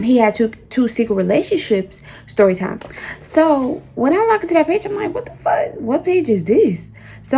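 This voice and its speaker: A woman's voice: a little high, a little mellow, slightly rough. A young woman telling a storytime in a casual, slangy, profane way, acting out the quotes as she goes. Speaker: storyteller vlogger.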